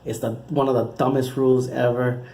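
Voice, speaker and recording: A man's voice: mid-range voice, flat delivery, brisk, warm tone. A man hosting his own channel, talking through his football predictions in a casual, rambling way with frequent restarts. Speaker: channel host giving football picks.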